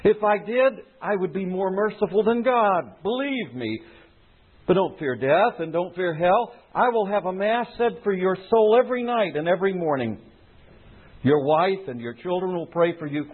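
A man doing a grave, quiet crime boss. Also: high-pitched, expressive, normal speed, slightly rough. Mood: solemn reassurance. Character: aging male crime boss, calm and grave. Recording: tinny phone-like sound.

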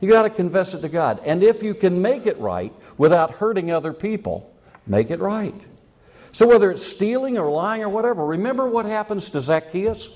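A man's voice: sits high, sing-song, moderate pace, a little mellow. A male preacher with a slightly raised voice that swoops up and down as he talks. He tells a story from his own life in a chatty, self-mocking way. He often chuckles at his own jokes before he turns to the lesson. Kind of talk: sermon with a personal story.

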